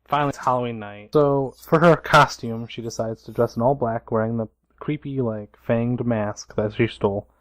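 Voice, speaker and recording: Young male co-host, mid-pitched, recorded dry and close, telling the plot in a steady way with deadpan quips. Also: moderate pace, hardly any pauses, no echo, poor audio. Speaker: podcast co-host. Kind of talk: casual comedic recap chat.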